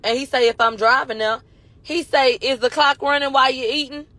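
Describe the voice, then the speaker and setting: A woman's voice: high voice, a little fast, no room sound. A woman retelling courtroom testimony in casual, slangy storytelling, quoting back and forth in a he-said chain. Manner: animated, slangy, retells quotes in a running he-said chain. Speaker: commentator recapping a trial.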